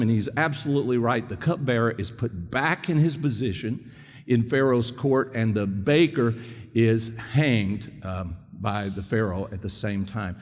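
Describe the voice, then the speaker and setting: A man pastor giving a sermon in a church, talking quickly and conversationally and putting questions to the congregation. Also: mid-range voice, darkish tone, big-room sound. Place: church sanctuary.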